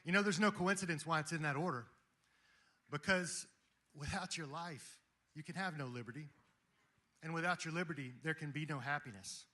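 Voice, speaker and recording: Bright-voiced preaching man. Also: a little high, normal speed, long pauses. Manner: preaching, rhetorical, emphatic. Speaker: speaker at a Christian gathering. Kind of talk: impassioned speech to an audience. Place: room with a live audience.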